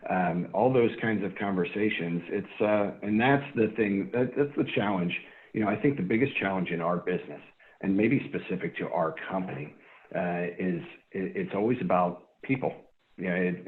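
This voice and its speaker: Low-voiced man on a tinny line. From Ohio. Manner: earnest, animated when acting out phone calls. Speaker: guest. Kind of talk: casual interview talk.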